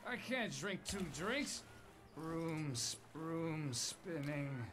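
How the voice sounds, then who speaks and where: A grumbling, sulky pirate in a game, his slightly high voice rising and falling a lot. He drawls slowly, with clear noise in the background. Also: animated. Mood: whining. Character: sulky male pirate, lightweight drinker. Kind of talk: video game voice acting.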